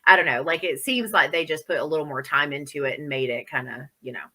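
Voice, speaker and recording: A woman's voice: low-pitched, fast talker, pushed and bright. A woman co-hosting a horror podcast, chatting casually about movies with many fillers and frequent laughs. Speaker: podcast co-host. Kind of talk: casual chat.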